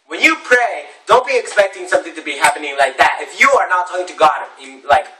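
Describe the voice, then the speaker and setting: A man's voice: a little high, expressive, fast talker. A man giving casual advice in a vlog, talking animatedly and slipping into voices of other people. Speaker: vlogger. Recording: echoey room, distant from mic, faint noise.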